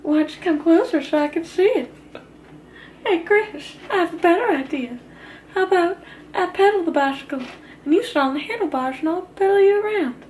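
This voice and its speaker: A woman's voice: very high voice, lively intonation, normal speed, a little mellow, slight background noise, pitched above the performer's own voice. A woman voicing a creepy, leering man in a sly, coaxing, mock-sinister way. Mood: sleazy coaxing.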